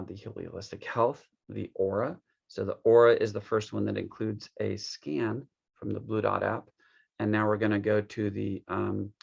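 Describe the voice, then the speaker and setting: A man with a fairly low, gravelly voice talks loosely through a wellness gadget walkthrough. He fills the gaps with "um"s and restarts, as if he is making it up as he goes. The recording sounds somewhat dull and lo-fi. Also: darkish tone. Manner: rambling, loose, with many fillers and restarts. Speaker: wellness device demonstrator. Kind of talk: casual unscripted product walkthrough.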